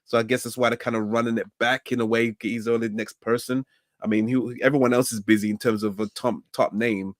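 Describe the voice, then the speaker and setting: A man's voice: mid-range voice, little pitch movement, fairly quick, no echo. Hesitant man on a dry mic. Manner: hesitant, lots of fillers and restarts, trails off. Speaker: podcast co-host. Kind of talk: casual podcast discussion.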